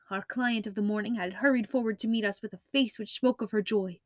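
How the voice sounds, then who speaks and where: A woman narrating a classic story as an audiobook reader, in an even, clear storytelling voice. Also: mid-range voice, brisk, few pauses, no echo. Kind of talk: scripted narration.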